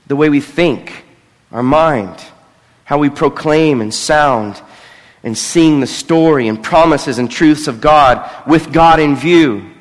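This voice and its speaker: Middle-aged guy preaching, earnest but jokes at himself, voice echoing long in a big church hall. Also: a little high. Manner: earnest, with self-deprecating asides. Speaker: pastor. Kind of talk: conversational sermon. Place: church sanctuary. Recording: long reverb of a large hall.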